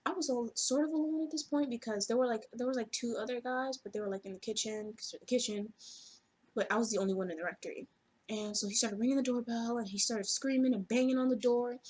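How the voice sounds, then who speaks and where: A woman with a husky, slightly breathy voice recounts a story in a loose, conversational ramble. Her pitch sits in an ordinary middle range, and she sprinkles her talk with fillers and casual curses. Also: a little mellow. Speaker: vlogger telling a story.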